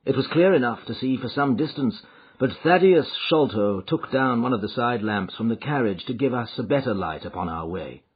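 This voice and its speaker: A man narrating a classic detective audiobook in a measured, even storytelling manner. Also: mid-range voice, husky. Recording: slightly muffled lo-fi audio.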